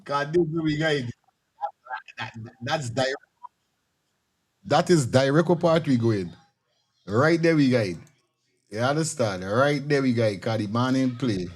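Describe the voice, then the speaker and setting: Easygoing host. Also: male voice, medium pitch, measured pace, pauses often, husky. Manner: easygoing, stammers and repeats himself. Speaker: talk show host. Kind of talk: casual call-in show chat.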